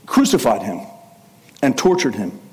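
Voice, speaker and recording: A male pastor preaching a sermon in an animated, conversational way, with asides and self-corrections. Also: medium pitch, normal speed, breathy edge.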